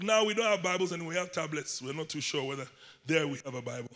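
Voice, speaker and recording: A man from Africa with a West African accent, preaching a sermon as a bishop, leading call-and-response and stretching key phrases slowly. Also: fairly high pitch, steady tone, bright, forceful tone, long reverb tail.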